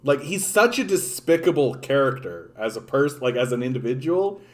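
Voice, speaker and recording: A man's voice: mid-range voice, sing-song, normal speed. A Canadian man rants about politics with blunt passion. He stumbles into repeated words and leans on "like" again and again, restarting as his thoughts race ahead. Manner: stammering repeats and constant "like" fillers; blunt and impassioned. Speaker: political commentator. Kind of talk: ranting political commentary.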